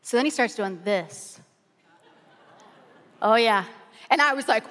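A woman pastor preaching with an animated, excited, chatty way of telling funny stories from the pulpit. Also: on the high side, normal speed, pauses often. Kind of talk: humorous sermon storytelling. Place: large church auditorium. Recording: long reverb of a large hall.

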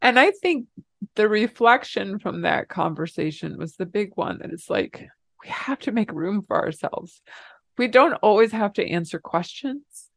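A middle-aged woman, a podcast co-host, telling a personal story in an emotional, animated way. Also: medium pitch, unhurried, gravelly, no room sound. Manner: emotional, animated retelling with laughs.

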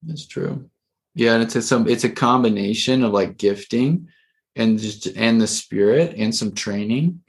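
A man's voice: mid-range voice, measured pace, creaky. A male therapist telling a story in a casual podcast conversation, rambling with lots of fillers and restarts.

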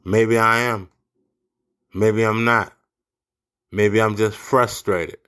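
A man's voice: on the low side, steady tone, slow, a bit bright, clear, resonant tone. A man ranting angrily about politics, profane and blunt. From United States. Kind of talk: angry political rant.

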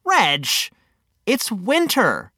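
A woman voicing a friendly, patient male guide who gently explains things. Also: medium pitch, huge pitch swings, very slow, dry recording, clean studio sound, pitched above the performer's own voice, exaggerated voice.

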